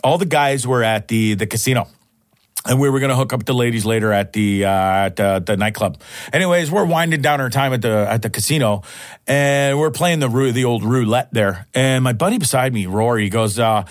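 A man's voice: mid-range voice, fairly quick, dry recording, clean studio sound. A man hosting his own podcast, telling a story in a rambling way and swearing casually. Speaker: podcast host.

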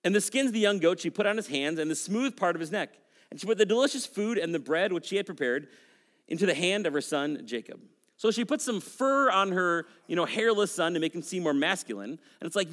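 A man's voice: on the high side, lively intonation, fast talker, fairly bright tone, big-room sound. A man in his forties preaching a sermon, reading scripture with casual, joking asides. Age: 40s. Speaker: pastor.

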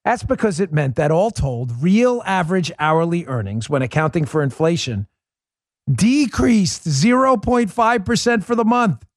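A man's voice: high-pitched, expressive, unhurried, dry recording, studio quality. A man hosting a political talk show, delivering an emphatic, sarcastic monologue full of rhetorical questions.

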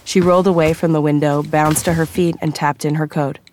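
A woman narrating an audiobook in an even, measured storytelling manner. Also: low-pitched, a little hiss or hum.

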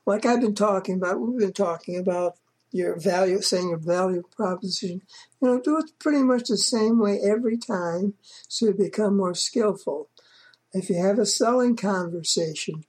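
Chatty woman coaching on sales pitches. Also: a little mellow, husky. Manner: conversational, repeats points, many "you know" fillers. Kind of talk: informal coaching talk.

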